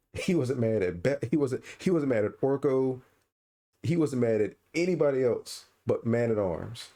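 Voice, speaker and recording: Guy ranting on a podcast, voice swings all over, kinda mellow and dark. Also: mid-range voice. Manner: animated, incredulous ranting with laughs. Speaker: podcast co-host. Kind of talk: casual chat.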